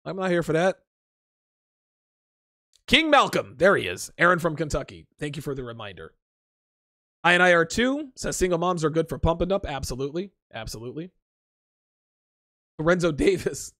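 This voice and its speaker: A man's voice: on the high side, big pitch swings, normal speed, long pauses, bright, forceful tone, no echo, studio quality. Blunt, profane man hosting a livestream. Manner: reads viewer comments aloud and reacts. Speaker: podcast host. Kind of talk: casual livestream chat.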